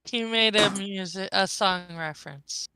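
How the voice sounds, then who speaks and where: A woman's voice: mid-range voice, a little slow, heavy background noise. A woman co-hosting a casual voice-chat podcast, teasing and giggly with her friends. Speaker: podcast co-host.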